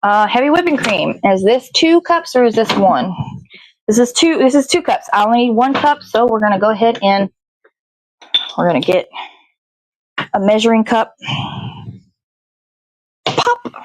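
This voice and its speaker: A woman's voice: a little high, animated, normal speed, long pauses, slight background noise, poor audio. A woman hosting a morning show, chatting casually and rambling to herself as she bakes in her kitchen, swearing freely. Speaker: host. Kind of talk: casual chat while baking. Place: home kitchen.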